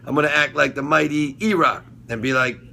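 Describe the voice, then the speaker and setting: A man's voice: a little high, steady tone, a little fast, creaky, sharp tone. A man hosting a casual solo vlog about football and TV, rambling with lots of fillers and restarts, swearing casually now and then. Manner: swears casually, laughs at his own jokes. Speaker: sports and TV review vlogger.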